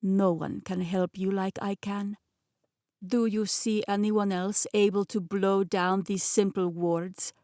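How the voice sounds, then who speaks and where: A woman voicing a scheming, smooth-talking man with a Russian accent, speaking in a slow, patronizing way. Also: medium pitch, little pitch movement, mellow, no room sound, studio quality, natural voice. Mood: persuasive.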